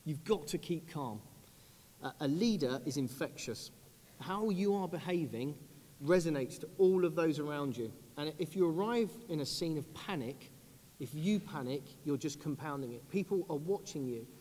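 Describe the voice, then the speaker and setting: British officer, 30s, earnest panel speaker, slightly high voice, long hall reverb. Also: male voice, lively intonation. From United Kingdom. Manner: earnest, measured, drops low and quiet on grave points. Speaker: army officer on a conference panel. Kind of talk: panel talk. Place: large conference hall.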